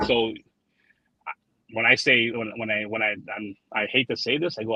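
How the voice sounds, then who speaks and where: Husky low-voiced man telling stories. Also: steady tone, moderate pace, dry recording. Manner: rambling, repeats words, tells anecdotes with quoted dialogue. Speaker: trading card designer, guest. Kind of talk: casual interview storytelling. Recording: dull lo-fi sound, dry.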